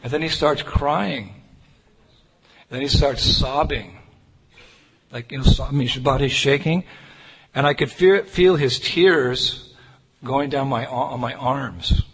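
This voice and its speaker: A man's voice: medium pitch, slow pace, pauses often, a bit bright, husky. Earnest storytelling preacher man, reverberant hall. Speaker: Hare Krishna preacher. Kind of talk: sermon with personal storytelling. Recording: reverberant hall with faint noise.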